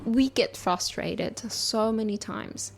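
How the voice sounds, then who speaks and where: A woman's voice: on the high side, slow, creaky, a little hiss or hum. A young woman hosting a podcast, a mother who speaks to listeners in an earnest, reassuring, encouraging way.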